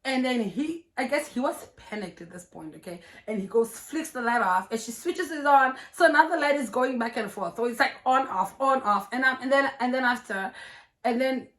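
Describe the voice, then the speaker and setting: A young woman vlogger with a fairly high voice tells a personal story, her pitch jumping around as she goes. She swears freely and laughs often. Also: normal speed. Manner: animated, profane, laughing storytelling. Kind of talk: storytime vlog.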